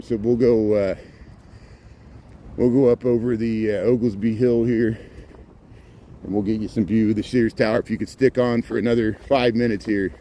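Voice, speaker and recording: A man's voice: on the low side, mellow, slight background noise. A man hosting a walking livestream outdoors in a city park at dawn, rambling with repeated words and restarts, a little out of breath, talking into a handheld phone. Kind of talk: casual live walking commentary.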